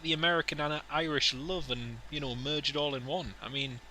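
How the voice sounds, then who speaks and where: A man's voice: on the high side, steady tone, moderate pace, hardly any pauses, sharp tone, a little hiss or hum, low-quality recording. Chatty man streaming flight sim. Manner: chatty, jokey, rambling asides to viewers. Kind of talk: casual live-stream chat with radio calls.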